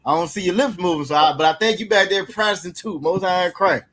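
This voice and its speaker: A man teaching an online class, encouraging a student and repeating words slowly for practice. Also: high-pitched, fairly bright tone.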